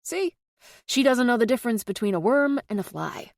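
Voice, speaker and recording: A wry, bantering older brother who gently mocks his sister, voiced by a woman narrator. The reading is light and amused, in a dry, close recording. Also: a little high, animated, moderate pace, dry recording, pitched above the performer's own voice.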